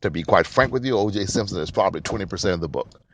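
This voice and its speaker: Low-voiced guy doing his own podcast, keeps hammering points home, bit of hiss behind. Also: expressive, racing, creaky. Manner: emphatic, repeats phrases for stress. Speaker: podcast host. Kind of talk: solo podcast monologue.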